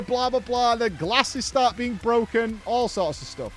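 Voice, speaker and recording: A man's voice: extremely high pitch, unhurried, hardly any pauses, a bit bright, a little hiss or hum. A middle-aged man, a podcast host, animatedly telling a story in a casual chat, swearing and laughing as he goes.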